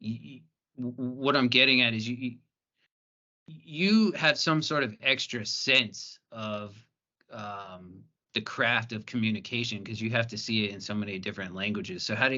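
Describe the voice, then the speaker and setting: A man hosts a podcast in a relaxed, conversational way, stumbling over words as he frames his questions. His voice is a bit low but bright and forceful in tone. The recording sounds slightly dull. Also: moderate pace. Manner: conversational, stammers when framing questions. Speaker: podcast host. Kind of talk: casual podcast interviewing. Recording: slightly muffled audio.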